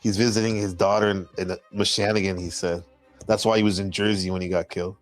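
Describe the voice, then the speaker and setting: رجل ودود كثير الكلام بصوت منخفض. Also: male voice, sits low, flat delivery, quick pace, faint music behind. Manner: upbeat, chatty, easily amused. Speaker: host. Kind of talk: casual chat.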